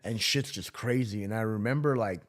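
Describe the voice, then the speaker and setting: A man's voice: fairly low pitch, normal speed. A man from Southern California, a former correctional officer, telling a story in a casual interview, loose and profane, full of filler words.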